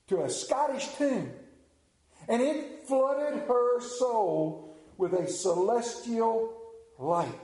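A man's voice: high voice, darkish tone, reverberant, rough recording. A male pastor giving a sermon, reading scripture, leading prayer and telling stories in a conversational, lightly humorous way. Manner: conversational storytelling, self-deprecating humor.

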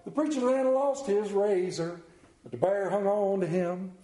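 Speaking unhurriedly, a preacher with a high, mellow, dark-toned voice reads scripture and talks earnestly, in a folksy way, about what he believes. Echo fills the recording, suggesting a big room.

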